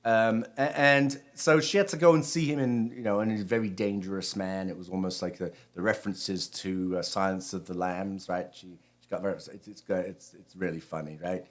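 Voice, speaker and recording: A man's voice: sits low, fairly even intonation, moderate pace, few pauses. A man from Britain, a rabbi, giving a casual spiritual talk in a rambling, conversational way full of restarts.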